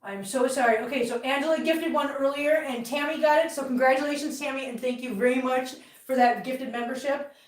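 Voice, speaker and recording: A woman speaks fairly quickly in a high voice with fairly even intonation. She's hosting a casual kitchen livestream at home, chatting emotionally with viewers and cooing at her cats in baby talk, her voice distant and echoing around the room.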